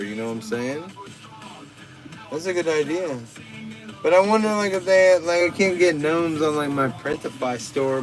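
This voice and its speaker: A man's voice: medium pitch, fairly bright tone. A man, hosting a casual livestream and bantering with viewer comments in laid-back, profane slang. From Texas. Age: 40s. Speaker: livestream host.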